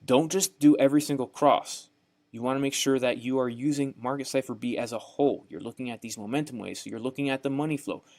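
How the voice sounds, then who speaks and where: He talks quickly, in a mid-range, fairly even and slightly mellow voice: a young Southern US man running a screen-share trading course. The delivery is folksy and repetitive, punctuated by checks of "right?"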